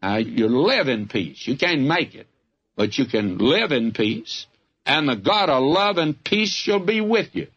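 A man's voice: fairly high pitch, expressive, unhurried, a bit bright, breathy edge. Older southern guy preaching on old radio, folksy and fervent, muffled lo-fi sound. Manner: folksy, fervent, addresses listener as friend. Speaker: radio Bible teacher. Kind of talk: recorded radio sermon.

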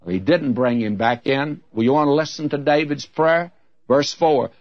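A man's voice: medium pitch, moderate pace, no echo, muffled recording. A man preaching an expository sermon as a radio Bible teacher, earnest and folksy, with candid humorous asides.

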